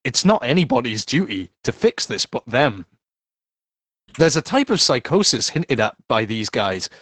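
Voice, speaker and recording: Sarcastic man with a lively voice. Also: mid-range voice, unhurried, no room sound. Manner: sarcastic, breaks into laughter. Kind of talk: mocking read-aloud of a statement.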